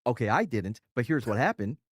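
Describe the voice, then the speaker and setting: A man's voice: mid-range voice, brisk, no echo, clean studio sound. A man, a military veteran co-hosting a podcast, telling a war story in profane casual chat and acting out the people in it. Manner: profane, animated war storyteller doing voices. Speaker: co-host, veteran.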